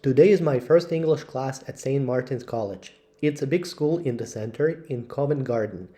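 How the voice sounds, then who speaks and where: Man, English teacher, mellow tone, slow careful read-aloud of lesson texts. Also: mid-range voice. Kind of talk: reading textbook passages aloud.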